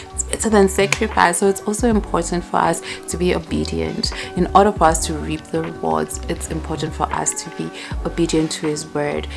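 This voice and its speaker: A woman in her forties reading Bible verses aloud and reflecting on them in a casual home vlog, with slow pauses and soft laughs. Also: low voice, gravelly. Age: 40s. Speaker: vlogger. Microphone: clip-on mic.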